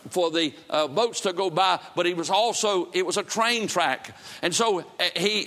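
A preacher delivers a revival sermon with fervent, emphatic bursts. His voice sits high and sounds bright and forceful. A long church reverb trails every phrase. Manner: fervent, emphatic, with sudden loud cries and repeated phrases. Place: church building before a congregation.

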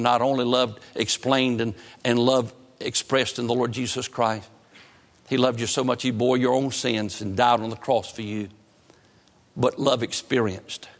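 A man's voice: mid-range voice, fairly bright tone. A man preaching a sermon from the pulpit in an earnest, emphatic cadence with repeated phrases. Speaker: pastor. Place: church sanctuary. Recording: long church reverb.

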